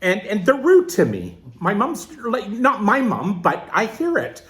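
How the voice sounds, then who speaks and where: A man's voice: high voice, measured pace. A man teaching a group workshop in plain, conversational words, often checking in with his listeners. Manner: animated, keeps checking in with listeners. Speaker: twelve-step workshop leader.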